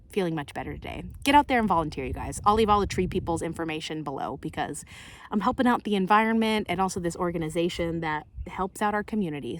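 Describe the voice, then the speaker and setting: Chatty young woman vlogging. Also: lowish voice. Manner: chatty and animated, laughing often. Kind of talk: casual vlog chat. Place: outdoors and in a car.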